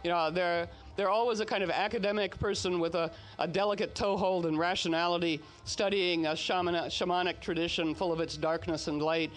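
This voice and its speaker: Male host, animated storyteller, high voice, chatty asides. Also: brisk, few pauses. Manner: chatty, animated, frequent "you know" asides. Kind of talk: casual spoken storytelling talk.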